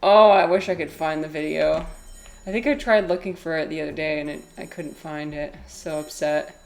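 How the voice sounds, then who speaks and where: A woman's voice: deep voice, steady tone, normal speed, gravelly. A woman live-streaming a game, chatting casually with viewers, reading their comments aloud, often giggling and joking at her own expense. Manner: chatty, giggly, self-deprecating, reads chat aloud. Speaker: livestreamer playing a game.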